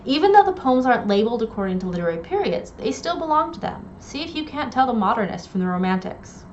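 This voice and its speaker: A woman English instructor giving a recorded lecture, explaining terms clearly and reading poems aloud. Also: fairly high pitch, sing-song, fast, darkish tone. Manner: clear explanatory delivery with quoted poem readings. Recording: dull lo-fi audio, faint noise.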